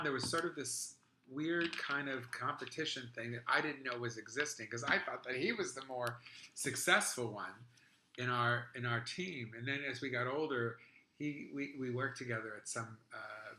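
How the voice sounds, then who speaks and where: A man's voice: medium pitch, pushed and bright. A man hosting a podcast in casual chat, rambling with lots of fillers. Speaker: podcast host. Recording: roomy echo.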